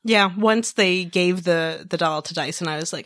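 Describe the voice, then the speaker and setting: A woman's voice: lowish voice, normal speed, fairly bright tone, dry recording, clean studio sound. A woman co-hosting a casual podcast chat, talking hesitantly with stumbles and self-deprecating asides. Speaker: podcast co-host.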